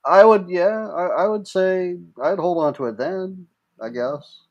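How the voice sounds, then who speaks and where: A man, an actor appearing as a guest, answering questions hesitantly as he thinks out loud. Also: high voice, measured pace, no room sound, lo-fi sound. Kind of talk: casual chat.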